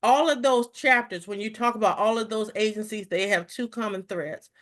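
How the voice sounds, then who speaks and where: Excited woman briefing federal workers. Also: medium pitch. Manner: fast, excited, repeats words when rushing. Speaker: national president of a federal employee organization. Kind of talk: live online discussion briefing.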